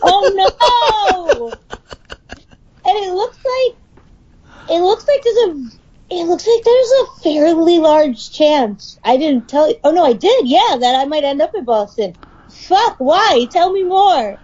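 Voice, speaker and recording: A woman's voice: high-pitched, lively intonation, normal speed, dark tone, muffled recording. A woman in her thirties, a podcast co-host in casual chat, blunt and swearing, laughing often. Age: 30s.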